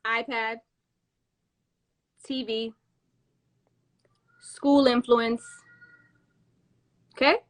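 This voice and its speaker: Animated high-voiced woman telling a story. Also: drawn-out words, long pauses. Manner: animated, acts out quotes with slang and swearing. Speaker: podcast host. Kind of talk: casual storytelling chat.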